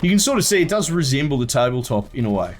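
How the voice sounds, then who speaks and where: A young Australian man giving casual, excitable gameplay commentary, swearing and talking back to the units on screen. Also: mid-range voice, quick pace, a little hiss or hum. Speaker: gameplay streamer.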